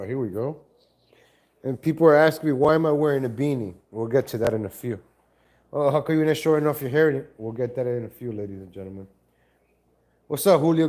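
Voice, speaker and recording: Streaming casually from home through a laptop mic, a man with a medium-pitched, mellow voice greets his viewers. He rambles and corrects himself, talking to the audience and to his cat.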